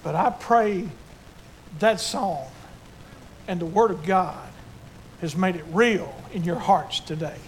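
A man's voice: high voice, slow, pauses often, a little hiss or hum. An older man preaching a sermon to his church, fervent and emotional in his delivery. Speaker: pastor.

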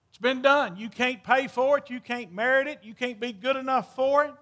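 A man, preaching a sermon with impassioned calls that drop to hushed storytelling. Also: very high-pitched, normal speed, hardly any pauses. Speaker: pastor.

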